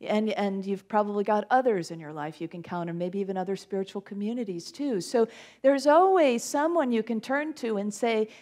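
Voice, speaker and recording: A woman's voice: medium pitch, normal speed, warm tone. A woman minister giving a conversational sermon in a church, laughing often as she retells scripture. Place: church sanctuary with congregation.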